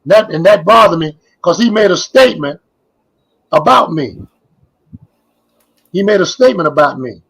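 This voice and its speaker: Older male guest, high husky voice, rambling anecdotes with lots of repeats. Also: expressive, normal speed, long pauses, a bit bright, rough recording. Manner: rambling, repeats phrases, trails off. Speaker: guest, former basketball player. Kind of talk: casual interview storytelling.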